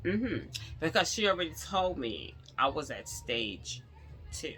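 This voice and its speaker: Woman vlogger, casual storytelling to camera; lively, bright-toned delivery. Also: low voice, unhurried, soft background music. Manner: animated, chatty, laughs often, addresses viewers directly.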